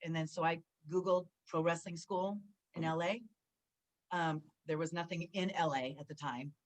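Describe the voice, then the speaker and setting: On a rough recording, a woman with a fairly low pitch talks at a moderate pace as a guest in a relaxed interview. In her forties, from Southern California, and a former wrestler, she recounts stories animatedly, performing people's dialogue amid plenty of fillers.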